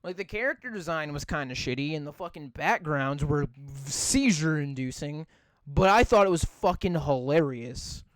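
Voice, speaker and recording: Young man, high clear voice, dry close mic, casual rambling, lots of swearing. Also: expressive, moderate pace, no echo. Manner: rambling, swears a lot, many "like" fillers. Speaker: podcast co-host. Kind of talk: casual profane chat.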